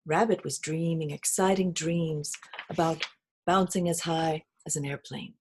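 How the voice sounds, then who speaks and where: A woman reading a children's picture book aloud in an expressive, sing-song storytelling manner. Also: low voice, unhurried, slight background noise. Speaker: reader.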